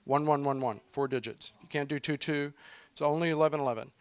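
A middle-aged man leading a congregation gathering, telling anecdotes casually with a halting, chuckling delivery and many fillers. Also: on the high side, no room sound.

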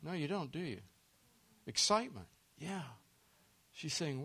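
A man's voice: a little high, very animated, a little slow, creaky, pauses often, bright, forceful tone, husky. A man preaching a sermon in an earnest way, often putting questions to his listeners. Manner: earnest, asks listeners questions, acts out quoted voices.

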